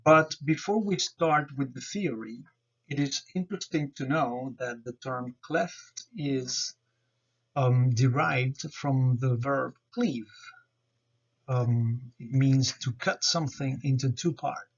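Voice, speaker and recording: A man presenting a grammar lesson over slides, explaining in a careful, measured way. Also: mid-range voice. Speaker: student presenter. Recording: dull lo-fi recording.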